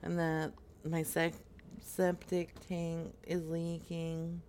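A woman's voice: lowish voice, completely flat delivery, a little mellow, slight background noise. A woman co-hosting a casual banter show, laughing often as she reads out listings. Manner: laughs often, slow drawl. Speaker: podcast co-host making prank calls.

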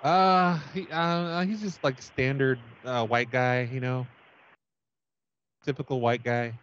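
A man's voice: medium pitch, steady tone, slow pace, fairly bright tone. A man making a prank phone call, stammering and playfully silly. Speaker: prank caller. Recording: dull lo-fi with faint noise.

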